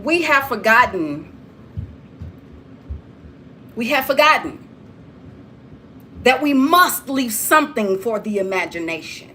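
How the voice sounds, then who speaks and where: A woman with a high-pitched voice preaches straight to her viewers. She lectures with blunt emphasis and keeps circling back to the same phrases. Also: big pitch swings, slow, pauses often, bright, forceful tone, a little hiss or hum. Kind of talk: preachy straight-talk monologue.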